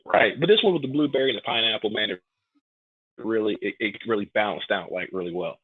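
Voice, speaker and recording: Wrestler guest, 30s, man: low raspy voice, dry close sound, lively storyteller who acts out quotes. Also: fast talker, no echo. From New York, raised in Atlanta. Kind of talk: casual podcast interview. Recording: tinny phone-like line.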